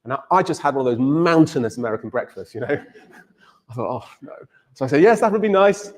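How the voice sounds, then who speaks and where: A man's voice: medium pitch, quick pace. Man lecturing, telling a story. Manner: animated storyteller, repeats words when starting a phrase. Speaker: university lecturer.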